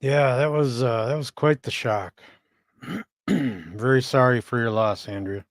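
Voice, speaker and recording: A man's voice: mid-range voice, unhurried, no room sound, studio quality. A man co-hosting a streamed morning show, dropping in brief, easygoing remarks. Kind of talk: casual livestream chat.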